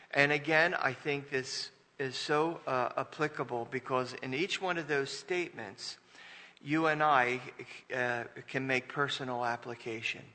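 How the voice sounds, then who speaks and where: A man's voice: medium pitch, pushed and bright. A man preaching a Sunday sermon. He reads verses aloud and breaks into emphatic bursts, with frequent restarts. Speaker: pastor. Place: church sanctuary. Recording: long reverb of a church hall.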